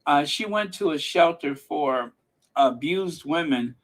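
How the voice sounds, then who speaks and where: A man's voice: fairly high pitch, animated, slow pace, a bit bright. A man hosting a casual reaction channel, speaking sarcastically and emphatically to his viewers and live chat. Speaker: commentary channel host.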